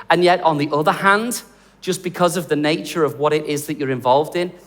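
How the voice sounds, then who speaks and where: A man preaching a sermon in an animated, conversational, jokey way. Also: fairly high pitch, in a large hall. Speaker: pastor.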